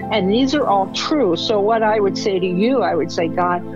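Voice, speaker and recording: A woman's voice: medium pitch, moderate pace, over music. Older lady telling blunt stories, laughs a lot, kinda dull lo-fi audio. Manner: blunt, candid, laughs often. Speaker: photo editor and photography teacher. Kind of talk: interview storytelling.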